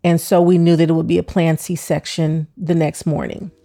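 A woman recounting a personal story, acting out her own past words in lively quoted asides and swearing freely. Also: sits low, moderate pace, gravelly. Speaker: interviewee recounting her childbirth.

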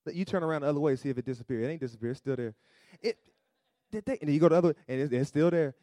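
A man preaching a sermon, asking the congregation for amens, swinging between loud emphatic peaks and low asides. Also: very fast, no room sound, studio quality. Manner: call-and-response preaching, rising to loud emphatic peaks then dropping low; acts out quoted voices in asides. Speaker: pastor.

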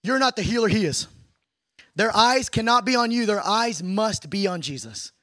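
A man leads a casual sermon-style lesson, his voice sitting high and lively. He jumps into playful asides to his audience. The sound is dry and close, with no room echo. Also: normal speed. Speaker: preacher teaching a class on prayer. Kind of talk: conversational sermon teaching.

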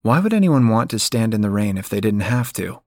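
A man narrates a first-person story in a quiet, measured reading. His voice is on the low side, and the recording is close and dry, with no room sound. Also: big pitch swings, no echo. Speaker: audiobook narrator.

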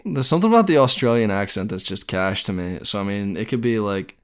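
A man's voice: fairly low pitch, animated, quick pace, clear, resonant tone. A man co-hosting a casual podcast, laid-back and rambling with fillers. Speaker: podcast co-host. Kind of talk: casual sports podcast chat.

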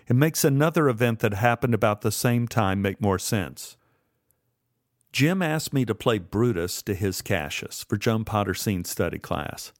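A man in his sixties narrating his memoir in a wry, measured storytelling manner. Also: on the low side, a little mellow, no room sound, clean studio sound.

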